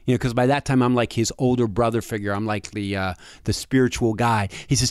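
A male storyteller recounting a personal story, halting and often repeating himself. He speaks at a middle pitch and frequently drops soft and low. The sound is dry and close, with no echo. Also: flat delivery.

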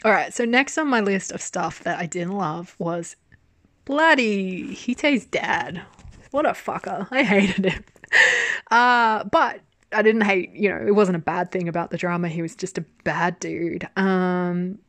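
A woman's voice: fairly low pitch, measured pace, a bit bright, no room sound. A young woman chatting casually through a review, laughing often and swearing freely as she talks. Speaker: drama reviewer.

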